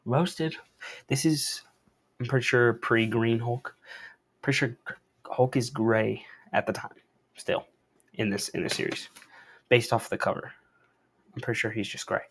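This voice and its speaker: A man's voice: medium pitch, fairly even intonation, unhurried, long pauses, fairly bright tone, slight background noise. A young adult man reading a comic aloud and chatting about it. He talks in easy slang with laid-back, hedging asides. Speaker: comic reader and commentator. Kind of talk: casual comic read-along commentary.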